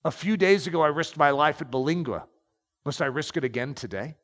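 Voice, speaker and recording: A man voicing a calm, determined male missionary, speaking quietly and inwardly. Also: a little high, brisk. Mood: troubled. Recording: long echoing reverb.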